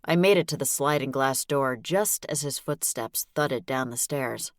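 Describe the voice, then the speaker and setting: A woman narrating a novel in the first person, with a wry, brisk delivery. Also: extremely low pitch, dry recording, clean studio sound. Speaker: audiobook narrator.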